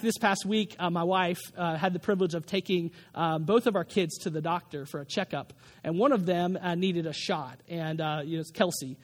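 Pastor, male, thirties, light high voice; loose, chatty sermon full of fillers. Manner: conversational, many fillers and restarts.

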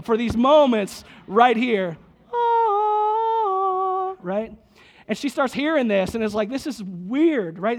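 A man preaching a lively sermon in a church, slightly husky today, retelling a movie scene with quoted voices before leading a prayer. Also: extremely high pitch. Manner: lively storytelling, quotes characters, prays aloud. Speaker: pastor.

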